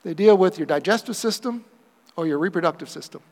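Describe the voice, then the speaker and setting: A man preaching a sermon as pastor, animated and playful, acting out quoted voices for humor. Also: high-pitched, a little fast, big-room sound.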